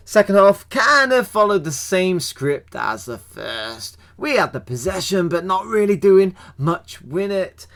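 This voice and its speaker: Young man, football match review, chatty, self-mocking, slightly high voice. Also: big pitch swings, unhurried, hardly any pauses, a bit bright. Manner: chatty, self-deprecating, asks himself questions. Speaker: football fan channel host.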